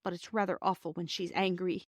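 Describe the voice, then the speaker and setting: A woman's voice: fairly low pitch, flat delivery, fairly quick, dry recording, clean studio sound, close to an everyday voice. A woman voicing a sensible young boy who speaks in a plain, matter-of-fact way. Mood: earnest.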